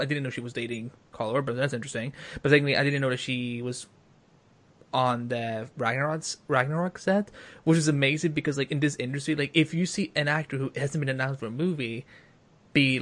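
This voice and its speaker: A man's voice: mid-range voice, a bit bright. A man co-hosting a casual podcast chat, talking in a rambling way full of fillers and restarts. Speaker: podcast co-host.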